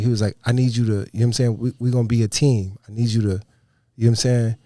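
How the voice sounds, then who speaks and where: A man telling a story in a casual chat, animated, quick in bursts and swearing freely, on a close, dry mic. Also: on the low side, no echo. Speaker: podcast guest.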